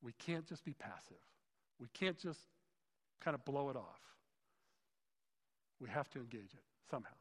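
Conversational pastor in a reverberant hall. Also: male voice, mid-range voice, expressive, normal speed, long pauses, a bit bright, slightly rough. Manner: conversational, acts out skeptical dialogue. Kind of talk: sermon. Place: church hall.

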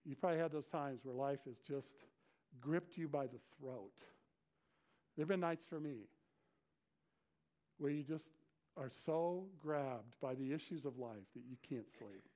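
A male pastor giving a conversational sermon, retelling scripture with lively slang asides. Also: medium pitch, measured pace, long pauses. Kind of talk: expository sermon.

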